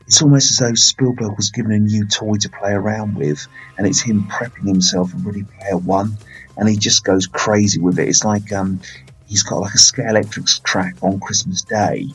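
A man's voice: on the low side, steady tone, moderate pace, slightly rough, soft background music, low-quality recording. A man hosting a casual film review podcast, rambling and playful with lots of fillers.

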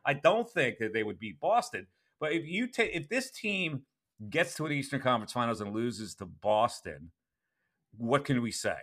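Man, sports host, bright tone, animated, casual post-game talk. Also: moderate pace. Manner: animated, mocking, raises pitch when ranting. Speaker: sports radio podcast host.

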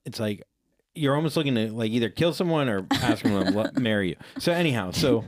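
A man co-hosting a podcast, telling a rambling story in casual chat and acting out quoted voices in a higher pitch. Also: lively intonation, brisk, dry recording, clean studio sound. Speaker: podcast co-host.

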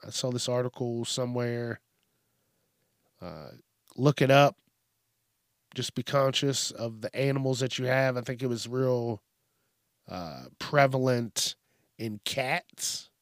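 A man's voice: mid-range voice, takes it slowly, long pauses, no room sound, clean studio sound. A man hosting a podcast alone, ranting in a profane, casual way and briefly mimicking people. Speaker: podcast host. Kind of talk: casual solo rant.

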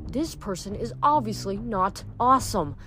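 A woman's voice: medium pitch, lively intonation, moderate pace, bright, forceful tone, faint music behind. A woman voicing a vain, self-adoring young man who speaks pompously and indignantly.

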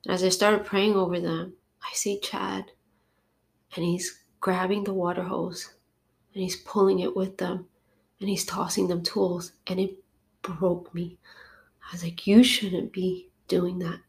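Gravelly-voiced woman telling a personal story. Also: lowish voice, measured pace. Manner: animated storytelling, acting out phone calls. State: sniffling from allergies. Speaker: podcast guest. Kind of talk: emotional personal testimony.

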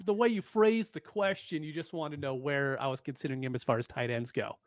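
A man's voice: a little high, brisk, no echo, studio quality. A man co-hosting a casual podcast, giving short, offhand answers. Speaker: podcast co-host.

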